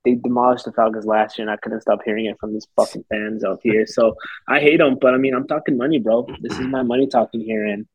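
A man's voice: lowish voice, steady tone, quick pace, darkish tone, husky, dry recording, highs cut off. A man co-hosting a sports podcast, giving confident betting picks in a laid-back, casual way. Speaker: podcast co-host.

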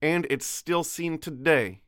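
Young man, podcast co-host, smooth resonant voice, dry close sound, rambling. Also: a little high, takes it slowly, fairly bright tone, no echo. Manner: rambling, self-interrupting, laughs easily. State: groggy, just woke up. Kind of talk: casual chat.

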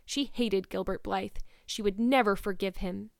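A woman narrating a novel aloud in an expressive, reflective way, then musing on the chapter. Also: mid-range voice, a little slow, vocal fry, no echo, clean studio sound. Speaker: reader of a novel. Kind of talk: storybook narration and commentary.

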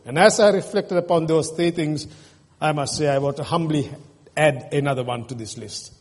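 A pastor preaches to his congregation with earnest feeling, often turning to them with questions. His voice sits a little high and sounds husky. A long church reverb trails after each phrase. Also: normal speed. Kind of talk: sermon.

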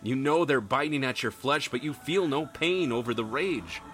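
A man's voice: medium pitch, normal speed, a bit bright, faint music behind. A man narrating a tabletop role-playing game as game master, telling the story in dramatic second person.

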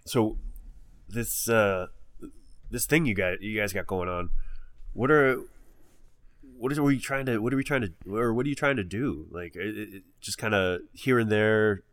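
A man's voice: lowish voice, moderate pace, a bit bright, dry recording, close to an everyday voice. A man playing an eager half-orc bandit, stammering and repeating himself.

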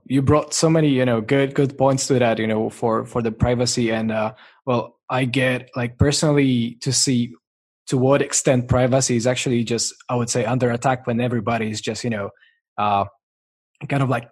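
A man's voice: mid-range voice, fairly even intonation, normal speed, slightly rough. A man hosting a podcast interview, asking rambling, casual questions. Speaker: podcast host.

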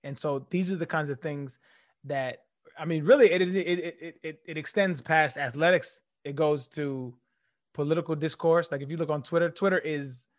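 Animated male storyteller, fairly high-pitched. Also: normal speed. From California. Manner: animated storyteller who acts out quotes. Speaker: guest, former athlete. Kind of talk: casual interview storytelling.

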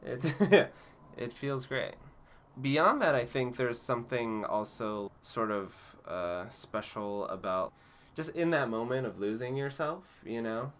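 Male actor guest, casual, giggly, rambling with fillers, mid-pitched. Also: slow, fairly bright tone. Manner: laughs often, rambling with many fillers. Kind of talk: casual interview chat.

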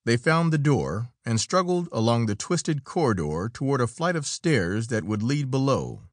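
A man's voice: mid-range voice, big pitch swings, moderate pace, dry recording, studio quality. A man narrating an adventure story as an audiobook, in dramatic storytelling style. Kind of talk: scripted narration.

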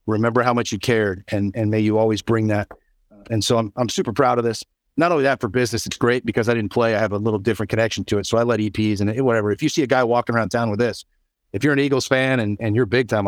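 Fast-talking man telling a story on a call. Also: medium pitch, dry recording, studio quality. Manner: animated, quick storyteller acting out dialogue. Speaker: guest. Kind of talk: storytelling in an interview. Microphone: video call.

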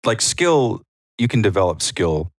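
Very deep-voiced man, casual podcast chat. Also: big pitch swings, measured pace, dry recording, clean studio sound. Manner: storytelling, acts out quotes in a higher voice. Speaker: podcast co-host.

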